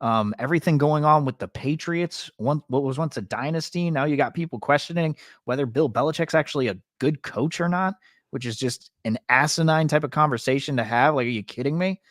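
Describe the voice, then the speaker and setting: A man's voice: on the high side, fairly quick, no echo, studio quality. A man co-hosting a sports podcast, ranting in casual chat with lots of fillers. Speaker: podcast co-host.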